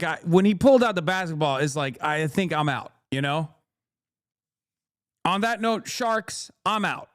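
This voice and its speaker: A male streamer reacting live to clips, ranting bluntly and swearing freely as he goes. His voice sits a touch high and sounds bone-dry, close on the mic. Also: no echo. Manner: blunt, profane, restless ranting. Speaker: streamer host.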